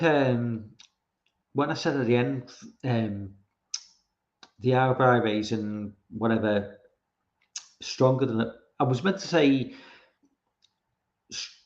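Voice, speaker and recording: A man's voice: mid-range voice, darkish tone. Rambling, swearing male streamer. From not American. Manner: rambling, swearing, frequent restarts. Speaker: podcast host reading chat. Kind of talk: casual livestream chat. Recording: roomy, slightly dull sound.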